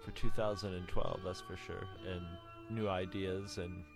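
A man's voice: low-pitched, flat delivery, unhurried, vocal fry, over music. A man co-hosting a casual podcast, bantering with wry jokes. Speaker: podcast co-host.

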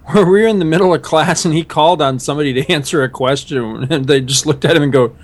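A man's voice: a little high, fast talker. A middle-aged man retelling his own school pranks as a podcast co-host, laughing and mischievous. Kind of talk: casual storytelling chat.

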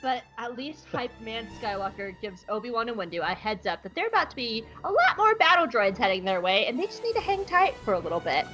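A high-voiced woman co-hosting a podcast, recapping a cartoon episode in a loose, jokey way. She giggles often and slips into silly voices. The tone is casual and chatty. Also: very animated, quick pace, hardly any pauses, bright, forceful tone, faint music behind. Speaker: podcast co-host.

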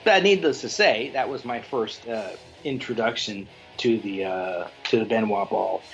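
A man co-hosting a podcast, telling a crude story in a rambling, animated way with lots of restarts. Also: fairly low pitch, measured pace, gravelly, lo-fi sound, soft background music. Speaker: podcast co-host. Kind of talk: casual chat, storytelling.

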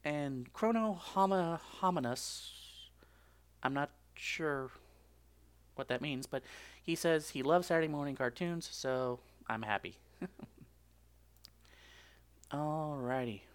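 A man hosting his own podcast alone, chatty and excitable, often laughing. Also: a little high, slow, pauses often, smooth. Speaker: podcast host. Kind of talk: solo podcast chat.

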